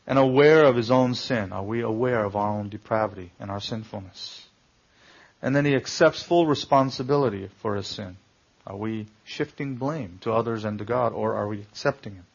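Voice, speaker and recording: Gravelly guy preaching, lots of rhetorical questions, kinda husky. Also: fairly low pitch, normal speed, muffled recording. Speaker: pastor. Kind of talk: sermon.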